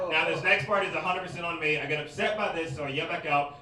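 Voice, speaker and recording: A man's voice: on the high side, fast talker, few pauses. A man performing a stand-up set at a bar, bantering with the crowd and telling stories. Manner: crowd banter, animated storytelling. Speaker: stand-up comic. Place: small bar stage. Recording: echoey bar from far off, loud crowd.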